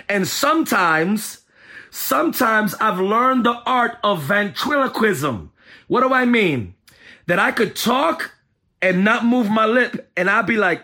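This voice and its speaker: A man delivering a sermon as an apostle, his voice pitched high and swinging widely up and down. The tone is bright and sharp, and he drives each point home emphatically, often repeating phrases. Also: measured pace. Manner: emphatic, repetitive, animated. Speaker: apostle teaching deliverance ministry. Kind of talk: preaching sermon.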